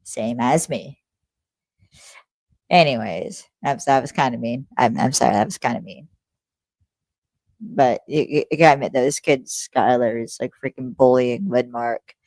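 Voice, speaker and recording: A woman's voice: very deep voice, measured pace, long pauses, a little mellow, no room sound. Casual swearing woman host recapping. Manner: rambling, casual, swears freely, self-correcting. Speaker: podcast host.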